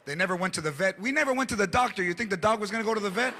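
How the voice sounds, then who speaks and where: A male stand-up comedian, telling animated stories live and slipping in Spanish words. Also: sits high, very fast, slight background noise. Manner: animated storytelling, mixing in Spanish words, frequent voices. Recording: live stage mic, loud crowd laughter.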